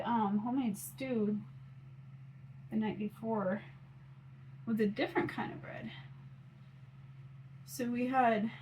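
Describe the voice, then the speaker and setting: A woman's voice: on the high side, darkish tone, slight background noise, rough recording. A woman in her forties chatting casually on her phone camera while doing her makeup, rambling with lots of fillers. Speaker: mom vlogger.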